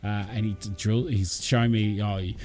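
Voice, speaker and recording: Over soft background music, a man with a fairly low, steady, slightly mellow voice speaks at a moderate pace. He's a channel host on a casual livestream, reading live chat and answering viewers in a chummy, rambling way full of fillers and restarts.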